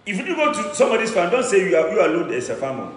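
A boastful Ghanaian-accented man declaiming as a traditional priest, his voice high, bright and sharply animated. He repeats phrases and swings from shouts to low mutters. The sound rings in a roomy hall with long reverb. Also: very fast, slight background noise. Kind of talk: fiery declamation. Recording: echoey room with long reverb.

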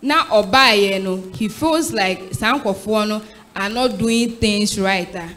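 A woman's voice: medium pitch, slow pace, a bit bright, soft background music, low-quality recording. A woman with a Ghanaian accent asking a church leader a question, hesitant and restarting words. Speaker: seminar attendee asking a question.

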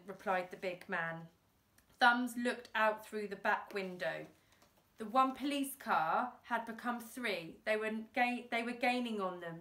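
A woman teacher reading a children's book aloud, animated and with chatty asides. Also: mid-range voice, measured pace. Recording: roomy room, distant mic.

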